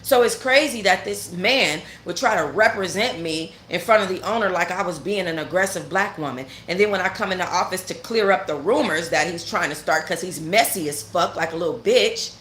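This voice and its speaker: A woman's voice: lowish voice, a little fast, few pauses, fairly bright tone, roomy sound, slight background noise. A woman host telling a story in a casual rant, blunt and profane, repeating points for emphasis. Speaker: channel host.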